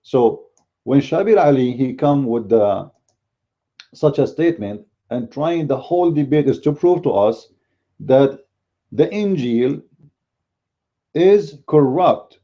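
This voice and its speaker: A man's voice: mid-range voice, animated, takes it slowly, pauses often, dull audio. A man whose first language is Arabic, giving blunt, combative commentary as a Christian apologist in a casual video. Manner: blunt and combative, speaks bluntly by his own account.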